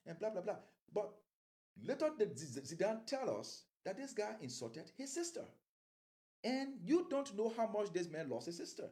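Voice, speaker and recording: A man's voice: high-pitched, big pitch swings, moderate pace, dark tone. A man giving political commentary as an interview guest, rambling and repeating words as he grows heated.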